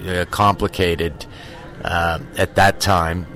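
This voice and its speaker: A man with a very deep, low voice tells a story from a film set in a relaxed interview. He stumbles through fillers and restarts, swears freely, and acts out the people he quotes with lively energy. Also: soft background music. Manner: halting, full of fillers and restarts. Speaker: actor telling an on-set story. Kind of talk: casual interview anecdote.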